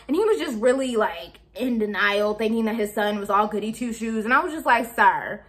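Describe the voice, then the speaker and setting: A young woman vlogger telling a storytime to her viewers, animated and laughing often. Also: fairly high pitch, fairly quick, few pauses. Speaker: YouTuber. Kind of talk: storytime vlog.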